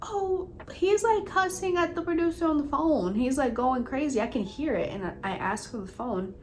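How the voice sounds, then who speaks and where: A woman vlogger recounting a story to her viewers in a chatty, animated way, full of fillers and asides to the audience. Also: high voice, moderate pace, slight background noise, poor audio. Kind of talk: storytime vlog.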